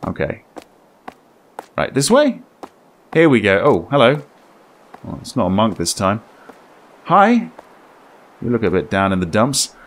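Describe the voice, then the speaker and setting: Lively man narrating gameplay. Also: fairly low pitch, unhurried, pauses often. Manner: chatty, joking, reacts out loud. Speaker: gaming YouTuber. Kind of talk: let's play commentary.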